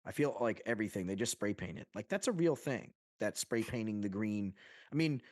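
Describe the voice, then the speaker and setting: A man from Long Island, New York, co-hosting a laid-back podcast chat. He rambles excitedly and swears without thinking about it. His voice sits fairly low and sounds close and dry. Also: brisk, dry recording. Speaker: podcast co-host. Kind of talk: casual chat.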